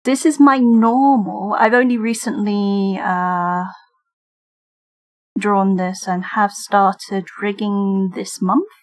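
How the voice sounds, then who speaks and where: A woman's voice: medium pitch, fairly even intonation, takes it slowly. A British woman streamer chatting casually with her viewers while she draws, often breaking into giggles. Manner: giggly, talks while drawing and reading chat. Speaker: streamer and digital artist. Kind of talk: casual livestream chat.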